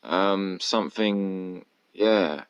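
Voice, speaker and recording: A man talks through a casual solo podcast, rambling and candid and swearing nearly every line. His voice sits on the low side. The recording is muffled and lo-fi. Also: extremely slow, clear, resonant tone. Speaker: podcast host. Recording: dull lo-fi recording.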